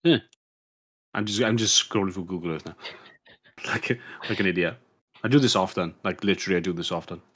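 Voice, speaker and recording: A man's voice: deep voice, a little fast, pauses often, a bit bright, breathy edge. A man co-hosting a podcast in casual chat, rambling and swearing, with many restarts. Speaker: podcast co-host.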